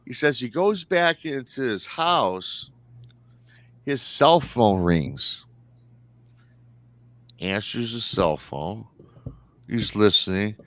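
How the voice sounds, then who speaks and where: A man's voice: on the low side, animated, slow, pauses often, a bit bright, no echo. A man from Michigan hosting a livestream show, retelling a story in a chatty, colloquial way and often saying "he goes.". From Michigan, United States. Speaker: livestream host.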